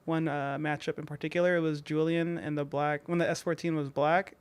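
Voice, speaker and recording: A man's voice: on the high side, level tone, fairly quick, clear, resonant tone. A man from Southern California, a podcast guest in a studio, chatting casually in a rambling, playful way with lots of fillers. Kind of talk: casual chat. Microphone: studio mic.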